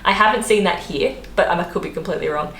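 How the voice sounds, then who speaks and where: Young Australian woman vlogger, chatty and laughing, lowish voice, roomy echo. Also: fast, fairly bright tone. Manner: chatty, laughs often, many fillers. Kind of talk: casual chat to camera. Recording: echoey room, faint background noise.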